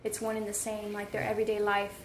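A woman telling stories as an interview guest, chatty and animated, with many fillers. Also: medium pitch, fast, a little hiss or hum. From United States. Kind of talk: conversational storytelling. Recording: echoey room.

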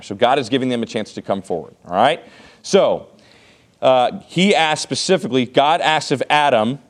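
A man in his thirties teaching a Bible class in a casual, conversational way, with many rhetorical questions. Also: mid-range voice.

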